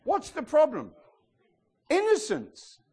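A man preaching a sermon, telling stories with animated shouted impressions. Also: extremely high pitch, takes it slowly. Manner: animated storytelling, bursts into excited shouted impressions.

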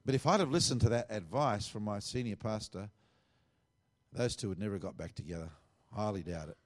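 A man's voice: fairly low pitch, a little fast. A middle-aged man, a pastor, earnestly telling a testimony and acting out the dialogue he quotes.

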